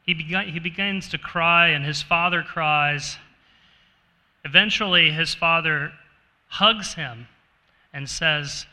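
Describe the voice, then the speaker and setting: A man's voice: fairly high pitch, slow, long pauses, bright, forceful tone. A man preaching a sermon in a conversational way, asking his congregation questions. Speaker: pastor. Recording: reverberant hall.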